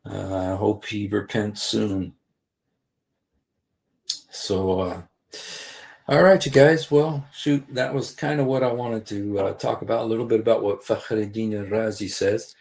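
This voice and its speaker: Slow, gravelly man hosting a livestream. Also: on the low side, fairly even intonation, darkish tone. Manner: rambling, many fillers and restarts. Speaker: livestream host. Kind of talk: casual livestream talk.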